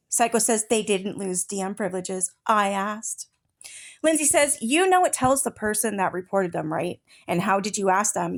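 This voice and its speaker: A woman hosting an online commentary channel, reading chat messages aloud and cutting in with angry, profane outbursts. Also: medium pitch. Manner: furious, profane, confrontational. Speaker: true-crime commentary channel host.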